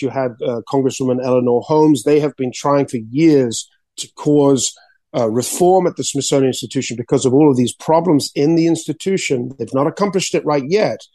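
A man, an artist and author, telling his story as an interview guest, excitedly repeating words and acting out quotes. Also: mid-range voice, no room sound.

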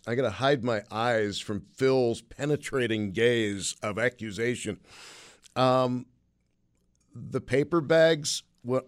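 Hoarse, hiccuping radio host; chatty, self-deprecating. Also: male voice, mid-range voice. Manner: chatty, self-mocking, wry. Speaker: radio talk show host. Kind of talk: call-in radio talk.

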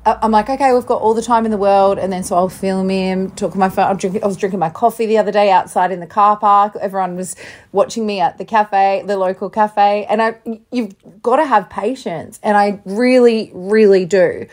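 A woman's voice: mid-range voice, steady tone, normal speed. A woman co-hosting a casual parenting podcast, talking candidly and laughing often. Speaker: podcast co-host.

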